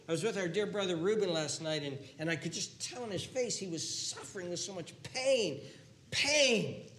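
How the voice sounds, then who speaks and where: An older man preaching a sermon in a church, impassioned and repetitive, swinging between hushed tones and booming emphasis. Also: expressive, moderate pace, reverberant, slight background noise. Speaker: pastor. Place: church sanctuary.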